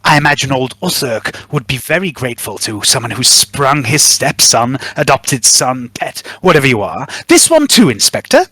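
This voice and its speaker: A man's voice: medium pitch, big pitch swings, moderate pace, few pauses, pushed and bright, dry recording. A man voicing a haughty, commanding noblewoman in a raised voice, giving clipped orders.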